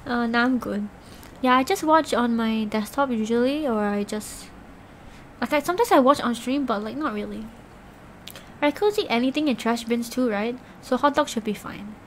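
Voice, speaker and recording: A woman's voice: fairly high pitch, normal speed, a little hiss or hum. A woman streamer talking casually with her chat, rambling with lots of filler words and laughs.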